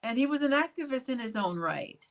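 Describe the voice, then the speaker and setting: A woman's voice: sits high, animated, fairly quick, a little hiss or hum. Enthusiastic woman interviewer. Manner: enthusiastic, exclamatory. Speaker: interview host. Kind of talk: conversational interview.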